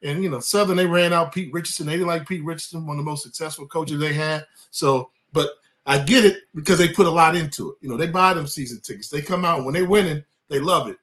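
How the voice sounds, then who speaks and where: This guest, a Californian and ex-college quarterback, speaks on the high side while chatting casually about sports. Animated, he frequently restarts his thoughts by repeating himself.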